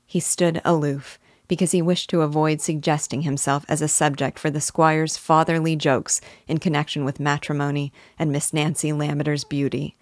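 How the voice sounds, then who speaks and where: Low-voiced woman reading a classic novel. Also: no echo, clean studio sound. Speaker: literature teacher reading a novel aloud.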